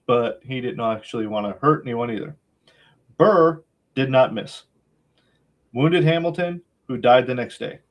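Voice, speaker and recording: A man co-hosting a casual podcast, talking in a laid-back, rambling way with lots of fillers and a wry, sarcastic streak. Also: medium pitch. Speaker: podcast co-host.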